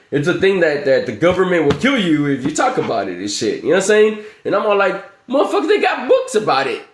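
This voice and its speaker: A man's voice: a little high, reverberant. A man ranting on a livestream in a loose, profane way, often repeating the same filler phrase. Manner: profane, repetitive, keeps saying "you know what I'm saying". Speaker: livestream host. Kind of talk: rambling livestream rant.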